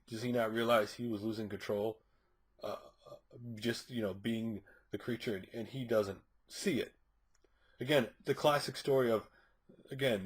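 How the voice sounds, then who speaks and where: A man's voice: lowish voice, husky. A man reviewing a comic book issue, recapping the plot casually in a rambling way with frequent fillers and restarts.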